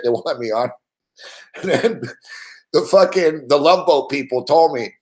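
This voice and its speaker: A man's voice: on the high side, expressive, moderate pace. A man hosting a show, telling a long story in a rambling, profane way with frequent laughs and heavy swearing. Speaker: show host.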